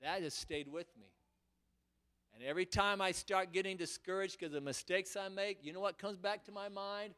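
A man preaches a fervent sermon in a very high, bright voice. His delivery is clear and ringing, and he presses his point by repeating and restarting his words. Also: fairly quick. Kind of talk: impassioned sermon. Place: church.

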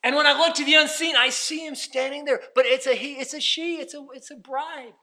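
A man preaching a sermon, dropping to hushed asides and rising to shouted emphasis. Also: very high voice, fairly even intonation, a little fast.

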